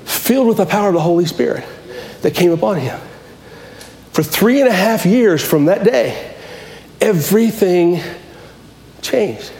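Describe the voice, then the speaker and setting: Impassioned high-voiced male pastor. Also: animated, unhurried, a little mellow, reverberant. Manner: impassioned, repetitive preaching with restarts. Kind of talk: sermon.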